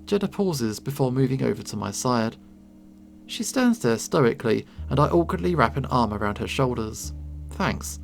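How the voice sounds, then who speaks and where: A man reading a visual novel aloud, voicing the narration and the characters' lines with light pitch changes. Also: big pitch swings, moderate pace, creaky, faint music behind. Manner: reads narration and dialogue, lightly shifting pitch between characters. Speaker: game narrator.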